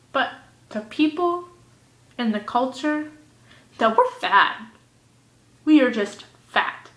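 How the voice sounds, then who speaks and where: A teenage girl with a fairly high voice rants in a casual vlog, rambling goofily and swinging from mumbles to loud outbursts. She's recorded on a phone or webcam at home, in an echoey room.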